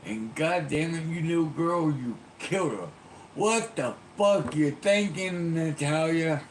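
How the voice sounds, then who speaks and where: A man's voice: medium pitch, brisk, reverberant, a little hiss or hum, voice pushed up, close to an everyday voice. A man voicing a furious middle-aged man who curses and rants at a little girl. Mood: outraged ranting. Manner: shouting, cursing, ranting.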